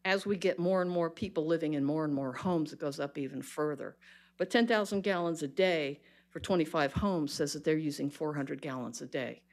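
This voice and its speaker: A woman's voice: low voice, brisk, a little mellow. A woman giving an impassioned, exasperated public comment at a county board meeting, speaking bluntly into a podium microphone.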